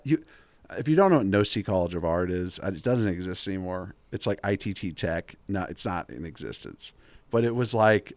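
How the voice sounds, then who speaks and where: A man hosting a podcast, talking in a rambling, joking way with quick asides and restarts. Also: lowish voice, dry recording. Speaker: podcast host. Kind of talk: casual podcast chat.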